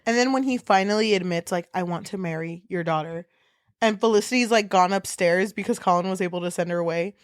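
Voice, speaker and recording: A woman's voice: on the low side, a little fast, no echo, clean studio sound. A woman co-hosting a casual book-review podcast, recapping plot with wry sarcasm and casual swearing. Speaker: podcast co-host.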